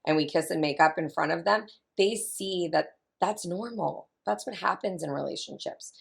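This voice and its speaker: A woman in her thirties with a low voice and a touch of vocal fry. She talks chattily and with emphasis, circling back to repeat her main points as a guest. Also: moderate pace. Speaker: family consultant guest. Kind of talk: casual interview talk.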